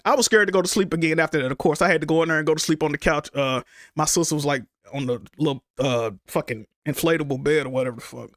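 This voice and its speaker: Casting note: young man, high voice, halting and emotional storyteller, dry close mic. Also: a bit bright, dry recording. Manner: emotional, halting retelling with repeated words. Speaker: streamer. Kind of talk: casual storytelling to stream viewers.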